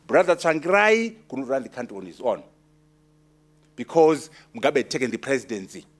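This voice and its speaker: A man from Zimbabwe, an author answering audience questions at his book launch with forceful, teasing emphasis. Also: medium pitch, animated, a little fast. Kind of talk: lively Q&A talk.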